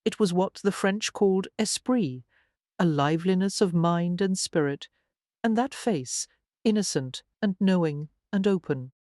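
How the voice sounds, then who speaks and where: A woman reading a historical romance audiobook in smooth, even scripted narration. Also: on the low side, dry recording, clean studio sound.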